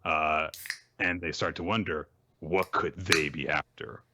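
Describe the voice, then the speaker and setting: A man recapping manga chapters on a podcast, animated and casual, slipping into silly voices for quotes. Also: very deep voice, measured pace, lo-fi sound, slight background noise.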